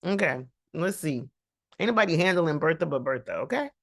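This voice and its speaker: A woman's voice: sits low, lively intonation, fairly quick, dry recording, studio quality. A woman vlogger giving a rambling, colloquial recap of a TV episode, with laughing asides. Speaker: TV reaction vlogger.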